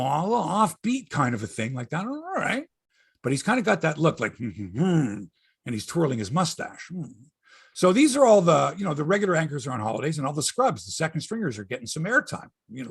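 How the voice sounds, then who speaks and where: A man's voice: fairly high pitch, sing-song, quick pace, gravelly, fairly bright tone, breathy edge. A middle-aged Canadian man hosting a sports podcast, chatting casually in a rambling, profane, wry way. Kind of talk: casual chat.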